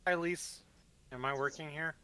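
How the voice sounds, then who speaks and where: A man introducing his tabletop character, soft-spoken and a little unsure. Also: fairly high pitch, steady tone, moderate pace, clear, resonant tone. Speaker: player. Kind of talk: casual chat.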